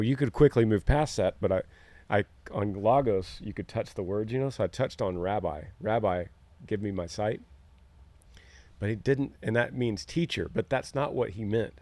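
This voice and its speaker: Middle-aged man, earnest podcast storyteller, lowish voice, dry close mic. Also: moderate pace, a little mellow, no room sound. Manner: earnest storyteller, acts out quoted lines. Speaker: podcast co-host. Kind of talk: casual podcast chat.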